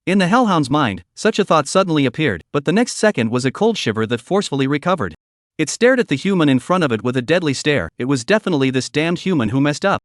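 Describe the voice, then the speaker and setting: A man narrating a scripted story recap in a steady, even reading voice. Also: on the high side, fast talker, no room sound, clean studio sound.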